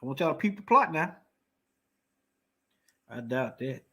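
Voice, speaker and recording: A man's voice: medium pitch, expressive, measured pace, bright, forceful tone. A man commenting on news articles in a heated, preaching way, firing off rhetorical questions and repeating lines for emphasis.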